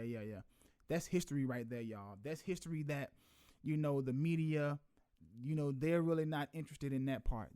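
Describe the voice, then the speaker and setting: Earnest man hosting, smooth voice. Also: medium pitch, a little mellow. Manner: heartfelt, earnest, repeats man often. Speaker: host. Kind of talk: casual chat.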